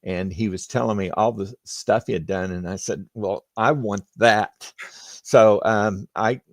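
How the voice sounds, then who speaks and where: An older man, a retired flight surgeon, telling stories in an unhurried, plainspoken way as a podcast guest. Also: fairly low pitch, steady tone, dry recording. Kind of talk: conversational interview storytelling.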